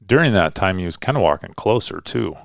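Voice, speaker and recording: A middle-aged man hosting a podcast, telling a hunting story in a relaxed, rambling, casual way. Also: low voice, a little fast, creaky, dry recording, studio quality. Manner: relaxed storytelling, loose and rambling with frequent "kinda" and "like". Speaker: podcast host and hunting dad.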